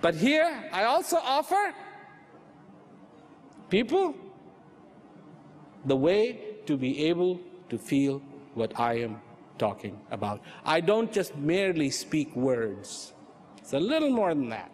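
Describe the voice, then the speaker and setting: A man giving an inspirational talk on inner peace, slow and reflective, repeating phrases for emphasis. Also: on the high side, sing-song, a little hiss or hum. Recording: hall reverb with faint ambience.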